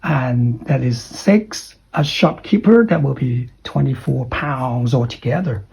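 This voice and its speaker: Slow, husky-voiced man teaching English. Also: medium pitch, a little mellow, poor audio. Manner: spells out words letter by letter and keeps checking with "okay?". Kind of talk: explaining errors in an online English lesson.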